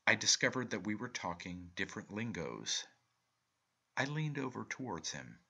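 A deep-voiced man reads a short story aloud in a measured, expressive first-person telling. His husky voice has a bright edge and roams widely in pitch. It sounds like an audiobook narration. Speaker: reader.

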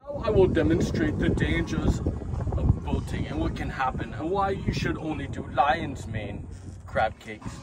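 A man's voice: fairly high pitch, moderate pace, rough recording. A man playing a goofy mock field reporter, talking mock-serious and laughing at his own slips. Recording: loud music under the voice.

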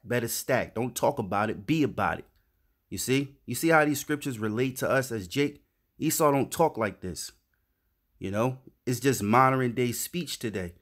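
A man's voice: medium pitch, a bit bright. A man teaching scripture informally, reading verses aloud and explaining them in slangy street talk, often adding "man" and "you know". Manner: reads verses then riffs in slangy street talk, says "man" a lot. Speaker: street preacher.

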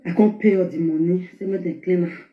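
A woman's voice: lowish voice, steady tone, fairly quick. Nigerian woman in a roomy, dull replayed clip. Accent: Nigerian Pidgin English. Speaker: video clip speaker. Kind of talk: personal storytelling.

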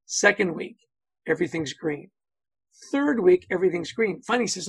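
Man on a webinar call, husky voice, dry close sound, tells anecdotes and acts out quotes. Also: high voice, animated, brisk, no room sound, low-quality recording. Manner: anecdotal, acts out quotes, frequent "you know". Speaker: guest speaker on leadership. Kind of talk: conversational webinar talk.

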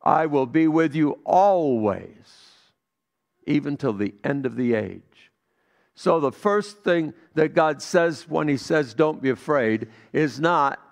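Gravelly-voiced pastor preaching a sermon. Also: male voice, fairly high pitch, animated, slow pace. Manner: storytelling, swings from hushed to emphatic.

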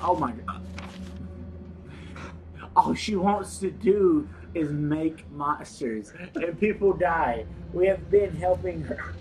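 A man reading a note aloud in a put-on voice, playing a doomed young woman, slow and melodramatic. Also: sits high, animated, fairly bright tone, slight background noise. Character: doomed young woman writing a dying diary.

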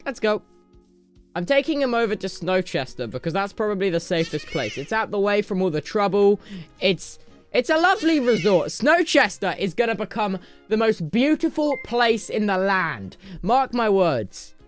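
A man streaming gameplay in casual chat, excitable and prone to sudden high shrieks and shouts. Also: normal speed, faint music behind. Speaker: game streamer.

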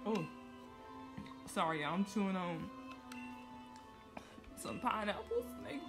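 A woman's voice: medium pitch, expressive, takes it slowly, music in the background. A woman hosting a gaming channel, giving chatty, joking let's-play commentary and reacting aloud to the game.

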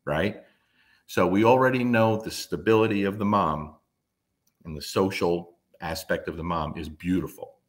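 A man with a lowish voice tells stories about raising and training his dogs. He talks casually and bluntly, with the odd curse, and slips into quick impressions of the dogs and people in his stories. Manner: animated, acts out his dogs and friends in quick asides. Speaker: dog trainer. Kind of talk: casual storytelling talk.

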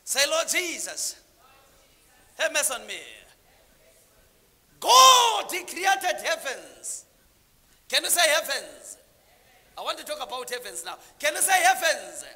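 A man preaching a sermon, calling on the congregation to answer back, dropping to low murmurs and then rising into shouted lines. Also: very animated, unhurried, pauses often, big-room sound.

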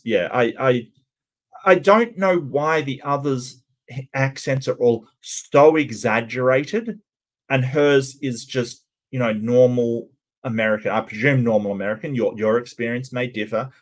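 A man talking through a cartoon with his viewers in a loose, conversational way. He repeats words as he gathers his thoughts, and his voice sits at an ordinary middle pitch. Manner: halting, many repeated starts. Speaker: commentator reacting to a cartoon and to chat. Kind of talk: casual reaction commentary.

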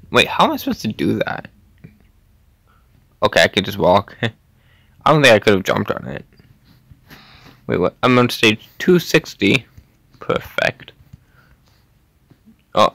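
Slow, gravelly man narrating his gameplay. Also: on the low side, a bit bright, no echo. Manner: talks to himself while playing, chatty, quick little laughs. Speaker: gaming channel host. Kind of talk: casual gameplay commentary.

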